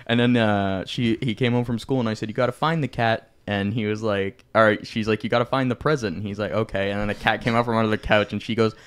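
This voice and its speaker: A man in casual podcast chat, telling a family anecdote with animated voices for the people in it. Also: fairly low pitch, fast talker, hardly any pauses, clean tone. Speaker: podcast guest.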